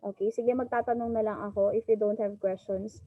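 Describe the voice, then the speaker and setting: A woman's voice: medium pitch, steady tone, brisk. Filipino woman teaching an online class. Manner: drills pronunciation, repeats "okay" often. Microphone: video call. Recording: dull lo-fi online call audio.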